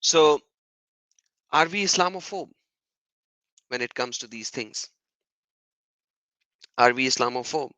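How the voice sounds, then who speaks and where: A man's voice: mid-range voice, slow, long pauses, sharp tone, no room sound, poor audio. A man giving a monologue commentary as a YouTuber, talking emphatically, repeating himself and asking rhetorical questions.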